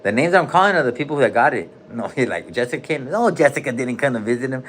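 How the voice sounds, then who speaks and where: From a hospital room, a man hosts a casual livestream in a medium-pitched, expressive, fairly bright voice, talking fast over slight background noise. He jokes loosely in heavy slang and calls out viewers by name.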